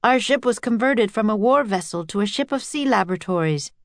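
A woman's voice: mid-range voice, expressive, fairly quick, no echo, voice pushed up, lightly acted. Polite young ship scientist, friendly and helpful, read by a woman. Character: kind young male sailor-scientist, polite.

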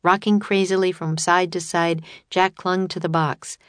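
A woman's voice: on the low side, flat delivery, unhurried, clean tone, dry recording. Woman reading a children's storybook. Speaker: audiobook narrator. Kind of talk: scripted storybook narration.

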